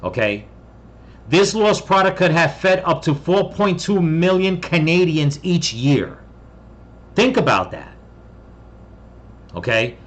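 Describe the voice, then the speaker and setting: A man from the US talks through a trade story in a loose, rambling way, stopping often to check in with a quick "okay?" and trailing off as he hunts for his place on the page. His voice sits a little high for a man, and he reads the quoted passages in the same plain conversational tone. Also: big pitch swings. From United States. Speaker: commentator. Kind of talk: casual commentary reading an article.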